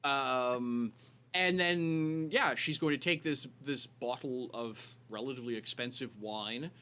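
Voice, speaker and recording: Speaking as game master for a tabletop game, a man narrates at a slightly slow pace in a medium-pitched, pushed, bright voice. He rambles, full of fillers and restarts, with a little noise in the background.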